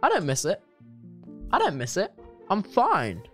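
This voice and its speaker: High-voiced young man streaming. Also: huge pitch swings, unhurried, fairly bright tone, faint music behind. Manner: theatrical mock outrage breaking into giggles. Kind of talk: casual gaming livestream chat.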